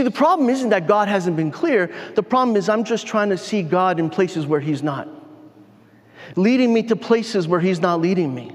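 A man's voice: high voice, big-room sound. A man preaching a sermon as pastor in a conversational way, often repeating and restarting his words.

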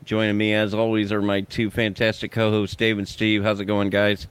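A man's voice: on the low side, monotone, moderate pace, clean tone, no echo. A man hosting a casual podcast, joking around and laughing often. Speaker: podcast host.

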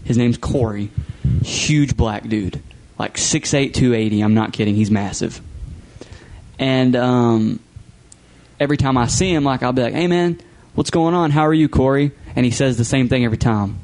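Young man telling a story with animation. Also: moderate pace. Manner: animated storyteller, jumps high when quoting people. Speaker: podcast co-host. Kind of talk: casual chat.

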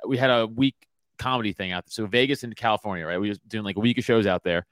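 A man hosting a podcast, telling a story in casual chat, animated, swearing and laughing often. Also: on the low side, quick pace, clean tone, dry recording. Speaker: podcast host.

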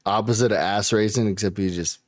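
A man's voice: on the low side, fairly even intonation, brisk, dry recording, clean studio sound. A young man co-hosting a comedy podcast in loose, profane, laughing chat. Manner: laid-back, swears a lot, laughs often. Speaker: podcast co-host.

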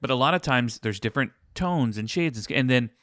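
A young man co-hosting a casual chat, giving easygoing advice in a relaxed way. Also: medium pitch, brisk, dry recording, clean studio sound. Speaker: podcast co-host, wedding vendor.

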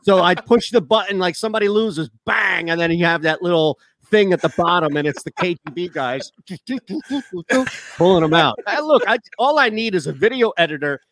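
A man's voice: sits high, a little fast, few pauses, dry recording. Rambling male sports-talk co-host, dry sound. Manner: rambling, animated storyteller.

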